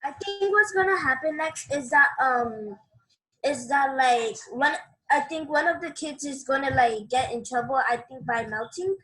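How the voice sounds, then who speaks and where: A young student on a video call, answering the teacher in a hesitant, halting way with fillers. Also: female voice, sits high, fairly bright tone, poor audio. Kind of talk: answering in class.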